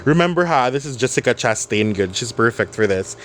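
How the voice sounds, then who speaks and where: A man's voice: mid-range voice, animated, fairly quick, fairly bright tone, a little hiss or hum. Man reading a novel aloud. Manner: chatty asides with fillers and self-corrections. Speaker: reader and explainer of a novel.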